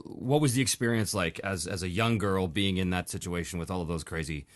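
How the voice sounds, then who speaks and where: A man hosting a voice-acting podcast in a casual interview, chatty and quick to laugh. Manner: chatty, laughs often, lively swings in pitch. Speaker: podcast host.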